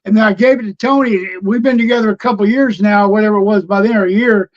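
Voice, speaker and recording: A man's voice: high voice, fast. Older man spinning wrestling yarns. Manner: animated storyteller, acts out old conversations. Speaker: retired pro wrestler, guest. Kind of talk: casual storytelling interview. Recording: dull lo-fi stream audio.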